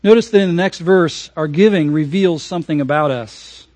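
High-voiced pastor preaching a sermon. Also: male voice, moderate pace, no echo. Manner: emphatic preaching, swings from raised to hushed.

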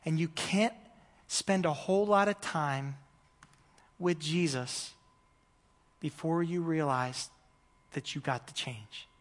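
A man, a pastor preaching a conversational sermon, swinging between loud emphasis and hushed moments. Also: on the high side, takes it slowly, pauses often, big-room sound.

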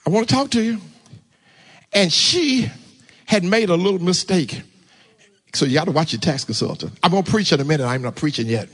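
A man preaching with a high, bright, forceful voice. He tells a personal story in sermon style and keeps urging the congregation to answer him. His delivery is animated and breaks into sudden shouts. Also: brisk. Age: adult, married. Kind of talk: sermon testimony.

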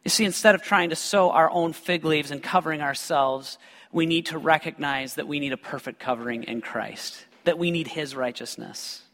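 A man preaches in a large hall, his voice high and bright, ringing with a long reverb. He weaves scripture with lively personal stories and tosses joking asides to the congregation. The delivery is animated and full of humor. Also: normal speed. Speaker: pastor. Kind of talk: sermon with personal storytelling.

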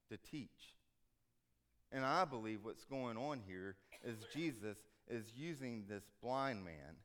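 A man delivers a sermon in a relaxed, conversational way, slipping into animated storytelling and voicing bits of dialogue. His voice is smooth and clear, pitched in the middle range. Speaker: preacher.

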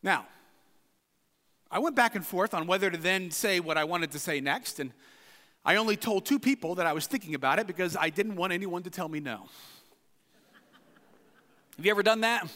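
Animated, emphatic male pastor. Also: high voice, moderate pace, long pauses. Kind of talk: sermon. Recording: long hall reverb.

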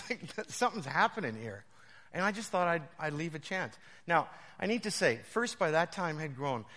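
A male pastor preaching a storytelling sermon, animated and often laughing as he tells his stories. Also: medium pitch. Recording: long reverb of a large hall.

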